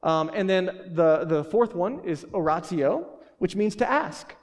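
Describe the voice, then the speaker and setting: Male pastor, chatty and joking, many restarts; fairly high voice, reverberant church hall. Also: expressive, unhurried. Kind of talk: sermon.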